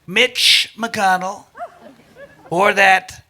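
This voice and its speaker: A man doing an impression of a boastful older politician, bragging in repetitive, drawn-out phrases. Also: sits high, fairly even intonation, pushed and bright, slight background noise, exaggerated voice. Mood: mock-solemn.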